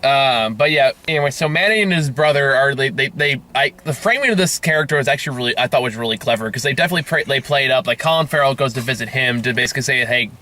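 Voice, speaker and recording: A man in a casual movie review chat with a bright, clear voice. He rambles through his thoughts with many restarts and casual swearing, laughing easily along the way. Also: mid-range voice, animated, fast, few pauses.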